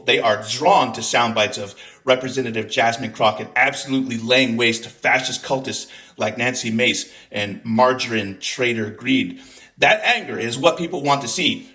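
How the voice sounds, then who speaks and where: A man's voice: medium pitch, bright, forceful tone. Angry male commentator, profane, venomous rant delivery. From United States. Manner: furious, profane, sarcastic. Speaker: political commentator.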